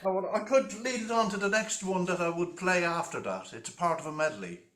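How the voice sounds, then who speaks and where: A man's voice: sits high, animated, fairly quick. Man, casual jam chat, hesitant, full of fillers, crowd noise behind. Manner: hesitant, thinking aloud with fillers. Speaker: guest fiddle player leading tunes.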